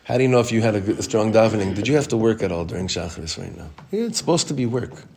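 A man teaching a Torah class as rabbi, reading text quickly and explaining it in chatty English. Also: lowish voice, creaky, breathy edge. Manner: reads Hebrew text fast, then explains it in relaxed English; chatty, with frequent restarts.

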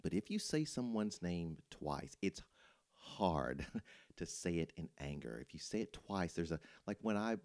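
Male pastor, middle-aged, very deep voice; reflective and teacherly, casual podcast chat. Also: sing-song, measured pace, darkish tone. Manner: reflective, teacherly, explains scripture.

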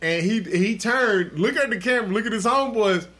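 A man's voice: sits high, a little fast, sharp tone. A man hosting a podcast, telling a story in crude, profane, casual chat. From Texas. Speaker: podcast host.

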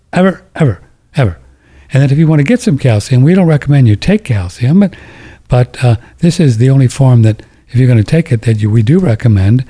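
With a fairly low, warm voice edged with breathiness, an older talk radio host jokes and rambles through his ads. He keeps cutting himself off and starting over.

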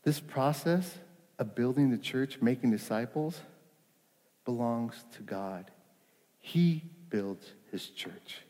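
A man delivering a sermon in a big hall, the long reverb trailing after each phrase. He is emphatic, rises into pleading questions and sinks to quiet, reassuring lows. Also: animated, slow pace. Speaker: pastor.

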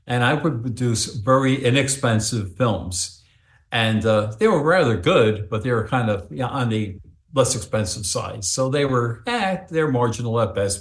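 A man tells a story in a chatty, rambling way, full of fillers as he goes. His voice sits at an ordinary pitch for a man. The sound carries a roomy echo. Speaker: psychic medium guest. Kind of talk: storytelling in a podcast interview.

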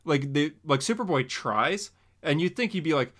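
A man on a casual podcast recaps a comic with mocking exasperation. His voice is bright and sits fairly high. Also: animated, moderate pace. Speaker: podcast co-host. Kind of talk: casual comic-book chat.

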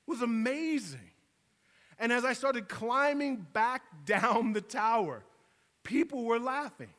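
High-voiced man preaching in an echoing hall. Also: fairly bright tone. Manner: casual storytelling preacher, conversational asides. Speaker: pastor. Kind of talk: sermon.

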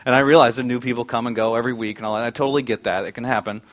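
A middle-aged pastor preaching a conversational sermon in a church auditorium, asking the congregation questions. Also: male voice, mid-range voice, fairly even intonation, racing.

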